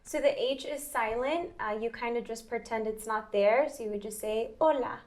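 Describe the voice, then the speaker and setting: A woman's voice: a little high, fairly even intonation, normal speed. A woman tutor giving patient, short explanations and affirming with frequent mm-hmms. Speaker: language tutor. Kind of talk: casual explanation.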